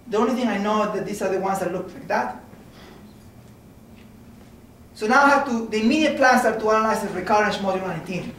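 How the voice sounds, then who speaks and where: A man lecturing on mathematics in a relaxed seminar style, his voice pitched fairly high. He talks conversationally, checking in with the audience as he goes. The sound is heavily echoey and distant, picked up from across the room. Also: slight background noise. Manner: conversational, checks in with "okay?" and "right?".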